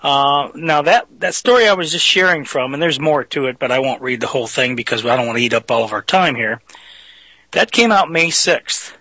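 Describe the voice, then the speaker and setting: Bright-voiced talk radio host, a man. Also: medium pitch, animated, a little fast, no echo, low-quality recording. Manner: folksy, addresses listeners directly. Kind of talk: opinionated talk radio monologue.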